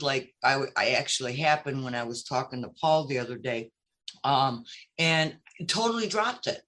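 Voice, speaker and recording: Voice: medium pitch, a bit bright, low-quality recording. A guest from upstate New York with a Brooklyn accent, telling a long story in casual chat with many fillers.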